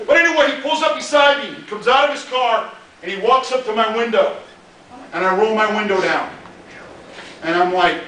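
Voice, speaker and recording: A man's voice: sits high, brisk, pushed and bright, distant mic, a little hiss or hum. A Midwestern American man, a pastor, telling a funny story in a sermon with lots of laughter. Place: church hall in a mall. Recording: very echoey hall from afar.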